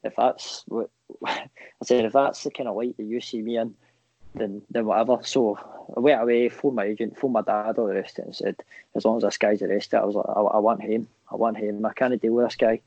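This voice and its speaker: A man's voice: fairly low pitch, fairly quick, no echo. A young Scottish man, a footballer, telling stories in a casual interview, swearing freely and acting out what people said. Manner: animated, swears freely, acts out quoted dialogue. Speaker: footballer guest. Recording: dull lo-fi dry sound.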